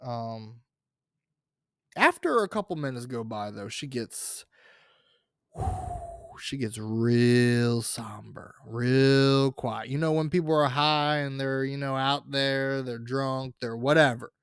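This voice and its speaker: A man hosting his own podcast, telling a comic high school story in a rambling, profane way with many fillers and restarts. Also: takes it slowly, fairly bright tone, smooth, no echo, clean studio sound. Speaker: podcast host.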